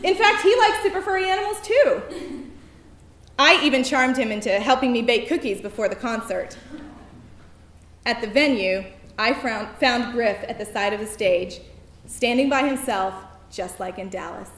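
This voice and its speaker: A woman telling a personal story on stage, in a wry, self-mocking and animated manner. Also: on the high side, normal speed. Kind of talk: live personal storytelling performance. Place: theater stage before an audience. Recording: roomy venue echo, faint noise.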